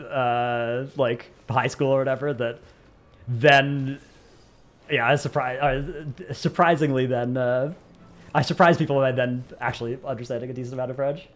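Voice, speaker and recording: A man's voice: medium pitch, fairly even intonation, normal speed, fairly bright tone. A man from the United States, chatting casually on a live stream, rambling and joking at his own expense. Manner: rambling, self-mocking, joking. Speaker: streamer answering chat.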